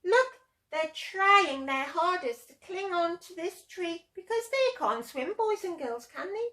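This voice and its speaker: A woman reading a picture book aloud to children as a storyteller, gentle and expressive, often asking them questions. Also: extremely high pitch, unhurried. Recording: roomy echo.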